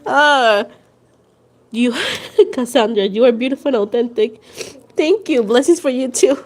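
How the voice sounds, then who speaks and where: A Puerto Rican woman in her twenties hosts a tarot livestream, chatting casually in a slightly high, unhurried voice. She switches between English and Spanish and laughs often.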